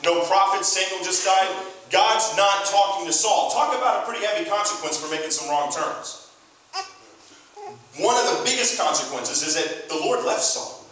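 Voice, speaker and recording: Animated young preacher in an echoey hall. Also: male voice, a little high, distant mic. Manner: lively storytelling, acts out Bible characters. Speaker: student preacher. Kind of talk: sermon. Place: chapel or hall.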